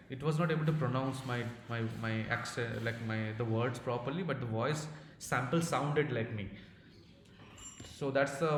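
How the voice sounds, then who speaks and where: Man with an Indian accent presenting in a hall. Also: mid-range voice. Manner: halting, many fillers and restarts. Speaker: conference speaker. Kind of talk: technical conference presentation. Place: conference hall. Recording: echoey hall with faint noise.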